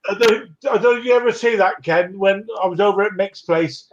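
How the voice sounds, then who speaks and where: A man's voice: sits high, normal speed. Chatty man, dull lo-fi sound. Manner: chatty, animated storyteller. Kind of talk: casual chat.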